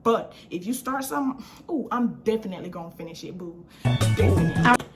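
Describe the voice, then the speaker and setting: A young adult woman vlogger telling a storytime in a casual, slangy, animated way, acting out what people said. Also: mid-range voice, quick pace, over loud music. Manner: animated, slangy, acts out quotes.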